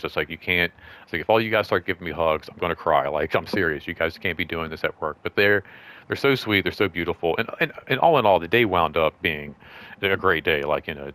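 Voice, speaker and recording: A man's voice: deep voice, fairly bright tone. Rambling man telling a work story. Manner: rambling, full of "like" and restarts, acts out both sides of conversations. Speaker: show host. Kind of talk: casual storytelling monologue.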